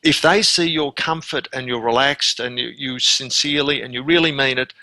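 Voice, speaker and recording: A man's voice: mid-range voice, normal speed, sharp tone, dry recording. An Australian man in his fifties, a dentist guest telling earnest anecdotes with frequent restarts. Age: 50s. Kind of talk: conversational interview.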